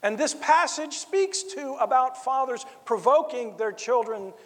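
A man's voice: extremely high pitch, unhurried, fairly bright tone. A man preaching a sermon, earnest and emphatic, driving points home by repeating key phrases. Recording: long reverb of a large hall.

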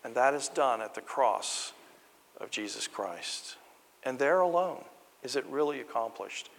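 A man's voice: medium pitch, lively intonation, unhurried, gravelly, long reverb tail. An American man preaching a sermon, earnest and building emphasis on key phrases, mixing in light stories. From United States. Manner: storytelling asides with light humor.

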